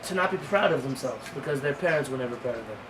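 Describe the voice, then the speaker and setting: Male rabbi, brisk lecture delivery, caught from a distant mic in an echoey room with faint noise. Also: mid-range voice. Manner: tells stories with acted dialogue, animated; reads Hebrew quickly, then translates it. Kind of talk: sermon-style lecture.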